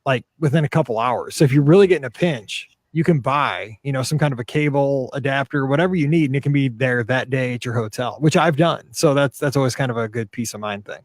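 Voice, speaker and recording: Speaking at a quick clip with hardly any pauses, this middle-aged podcast co-host rambles through casual chat and pokes fun at himself. His pitch sits in the middle range, and the studio-quality audio has no echo.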